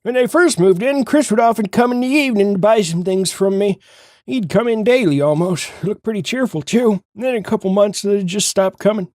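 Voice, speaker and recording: Guy putting on a cranky old baker grandpa in his 70s, folksy drawl, higher voice, game. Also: normal speed, a little mellow, dry recording, clean studio sound, close to an everyday voice. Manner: folksy drawl, boastful and teasing.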